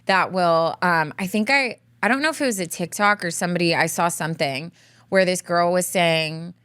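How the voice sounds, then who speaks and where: Chatty low-voiced woman podcast host. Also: moderate pace, fairly bright tone, clear, resonant tone, no room sound. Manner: chatty storyteller, heavy use of "like". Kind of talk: casual chat.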